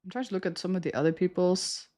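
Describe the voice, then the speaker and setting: A woman's voice: on the low side, fairly even intonation, quick pace, mellow. A young woman streamer telling a story in casual chat, rambling and laughing often. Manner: rambling, chatty, with frequent laughter and "like" fillers.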